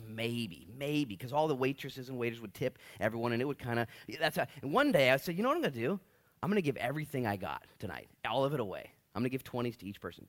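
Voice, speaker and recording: A man in his late thirties preaching a sermon. His voice is bright and forceful. He tells stories with lively energy and acts out quotes, jumping from soft asides to loud exclamations. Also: mid-range voice. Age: 30s. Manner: animated storytelling, big swings in loudness, acts out quotes. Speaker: pastor.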